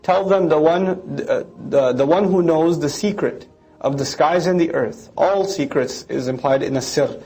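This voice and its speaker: A man lecturing on scripture. He explains it line by line and mimics critics in quick asides. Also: on the high side, darkish tone, soft background music.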